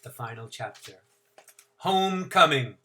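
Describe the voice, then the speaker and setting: A man teacher reading a novel aloud to his class, with expressive, dramatic emphasis. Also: medium pitch, a little slow, slight background noise.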